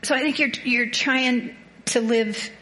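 A woman's voice: fairly high pitch, fairly even intonation, measured pace, pushed and bright. A woman sharing a personal faith reflection in casual talk, rambling and self-deprecating, telling a story with animation. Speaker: small group participant sharing a reflection.

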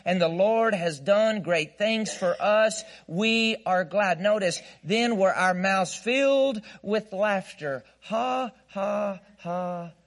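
A man preaching with a high-pitched voice, delivering a playful, emphatic sermon. He leads call-and-response with the congregation and breaks into mock laughter to drive his points home. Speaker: guest pastor.

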